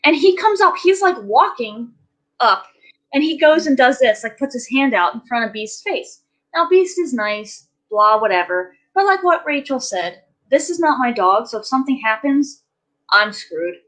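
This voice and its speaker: A woman's voice: high voice, big pitch swings, moderate pace, fairly bright tone, poor audio. A woman telling stories in a casual chat, ranting animatedly with lots of fillers.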